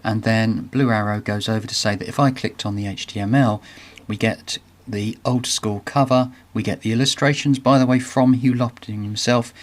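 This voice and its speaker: A man's voice: fairly low pitch, fairly even intonation, moderate pace. A middle-aged man hosting a casual screen-share walkthrough, talking chattily and with enthusiasm, with frequent ums and restarts. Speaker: video host.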